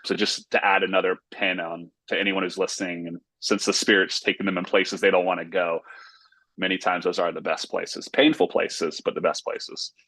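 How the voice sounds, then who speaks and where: A man's voice: low-pitched, flat delivery, normal speed, vocal fry, pushed and bright, husky, dry recording. A man from North Carolina, a pastor and author, telling a personal story earnestly in a casual interview. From Raleigh, North Carolina, US.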